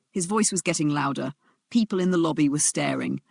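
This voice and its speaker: A narrator reading a dramatic story in a steady storytelling voice. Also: medium pitch, normal speed, creaky, slightly rough, no echo, studio quality.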